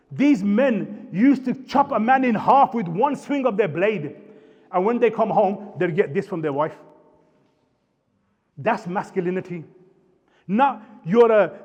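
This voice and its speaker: A man with a Birmingham accent speaking on a live panel, blunt and scolding, using street slang. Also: high-pitched. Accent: Birmingham English. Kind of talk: impassioned live talk. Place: community centre hall. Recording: roomy hall, dull sound.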